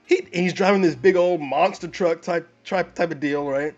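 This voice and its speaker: Man, podcast co-host, casual movie review, animated, slightly higher voice, lo-fi audio. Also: moderate pace, soft background music. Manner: animated, restarts sentences often.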